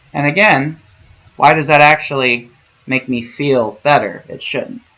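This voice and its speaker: Male vlogger, mid-pitch, rambling and theatrical, swears freely. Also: unhurried, sharp tone, a little hiss or hum, low-quality recording. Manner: rambling, profane, theatrical, jokey. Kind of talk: casual spiritual monologue.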